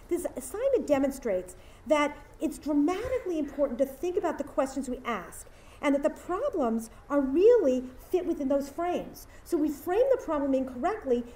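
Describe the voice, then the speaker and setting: A woman's voice: high-pitched, warm tone, a little hiss or hum. A woman giving a graduation speech, telling a story and acting out the voices of its people. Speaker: commencement speaker. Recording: echoey hall from far off.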